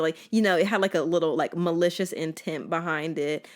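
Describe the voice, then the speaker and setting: A woman's voice: lowish voice, fast talker, few pauses. A woman in her twenties hosting a casual solo podcast, chatty and sarcastic, with a playful, filler-heavy way of talking. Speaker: podcast host.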